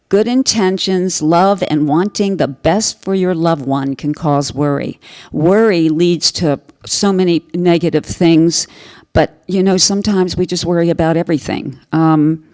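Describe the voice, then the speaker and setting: A woman with a fairly low voice speaks on a panel for carepartners. She talks earnestly and reassuringly, circling back and repeating phrases to drive a point home. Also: darkish tone. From Italian family background.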